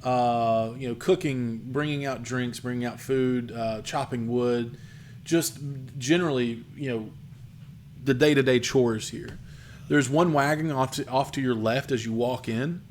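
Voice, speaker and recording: A man narrating a tabletop game as game master, describing the scene with frequent pauses and ums. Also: medium pitch, a little hiss or hum. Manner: descriptive, hesitant with many ums.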